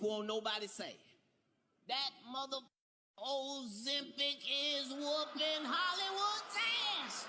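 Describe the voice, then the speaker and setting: A man doing stand-up comedy in a loud, rapid, profane ranting delivery. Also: extremely high pitch. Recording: echoey hall with background noise.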